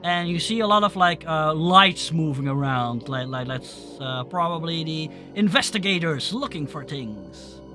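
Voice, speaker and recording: A man with a high voice runs a tabletop game, narrating scenes and calling for rolls in an upbeat way. He laughs often. Music plays clearly in the background. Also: lively intonation, unhurried, few pauses, pushed and bright. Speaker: game master.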